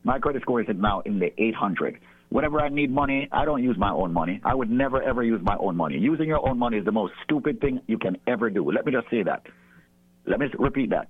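Husky man pitching over a phone line. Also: lively intonation, quick pace, no room sound. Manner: emphatic, preachy, repeats key lines. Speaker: company owner pitching on radio. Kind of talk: persuasive radio talk.

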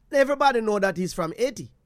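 A man with a Jamaican accent, telling a personal story to his viewers in an animated way, slipping into patois and repeating phrases. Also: high-pitched, no echo, studio quality.

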